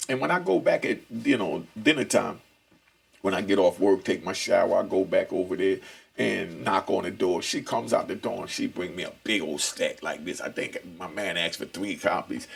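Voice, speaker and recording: Middle-aged man, husky storyteller, streetwise slang, relaxed delivery. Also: deep voice, moderate pace. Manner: laid-back, streetwise slang, lots of asides. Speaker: storyteller recounting prison life. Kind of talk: casual storytelling.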